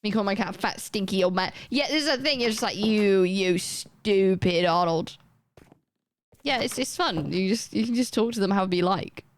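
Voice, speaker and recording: A woman's voice: medium pitch, expressive. Chatty woman streaming. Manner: rambling, chatty, self-deprecating, quick asides. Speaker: live streamer. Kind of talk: casual chat while gaming.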